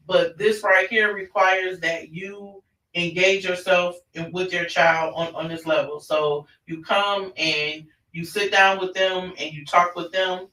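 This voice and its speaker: A man's voice: high voice, steady tone, measured pace, pushed and bright. A man presenting an online parenting class in a conversational way, often restarting his sentences. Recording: roomy, distant mic.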